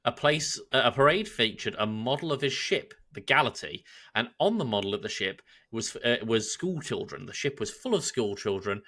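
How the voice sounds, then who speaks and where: English podcast co-host, male, bright and animated, chatty storyteller who laughs easily. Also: mid-range voice, moderate pace, few pauses. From England. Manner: lively, laughs often while telling a story. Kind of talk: casual storytelling chat.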